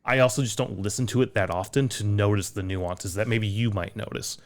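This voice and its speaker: A lower-voiced American man talks casually on a podcast. He rambles through his points and makes fun of his own slips. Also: fairly even intonation, brisk, gravelly. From United States. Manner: rambling, self-deprecating, laughs at own slips. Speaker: podcast co-host. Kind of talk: casual chat.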